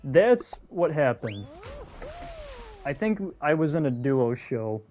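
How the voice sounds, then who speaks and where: A man hosting a casual live gameplay stream, chatty and excitable, talking to his viewers. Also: mid-range voice, slow. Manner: chatty and excitable, talks to chat. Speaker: gaming streamer.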